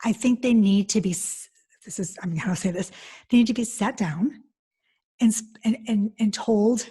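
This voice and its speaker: Husky, animated woman talking as a guest. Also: mid-range voice, moderate pace. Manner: animated, expressive storyteller. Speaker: divorce specialist guest. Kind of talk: conversational interview.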